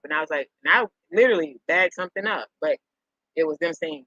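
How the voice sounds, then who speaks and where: A middle-aged woman rambles through a casual chat with her viewers, chuckling and circling back on herself. Her voice is bright and forceful. The sound is dry and a little lo-fi. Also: deep voice, normal speed, no room sound. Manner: rambling storyteller, chuckles often, repeats herself. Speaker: live-stream host chatting with viewers. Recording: dull lo-fi sound.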